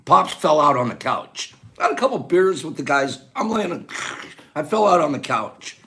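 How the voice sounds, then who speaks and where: Lively male host, high voice, animated storyteller who laughs through it. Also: normal speed. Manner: animated, laughing, acts out scenes. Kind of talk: casual storytelling.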